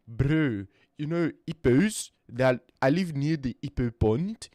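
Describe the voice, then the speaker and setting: A man's voice: mid-range voice, lively intonation, darkish tone, dry recording, clean studio sound. A man doing an exaggerated South African accent, voicing a brash young man who rambles and brags. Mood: boastful. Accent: put-on South African. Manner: rambling, exaggerated, drawn-out delivery.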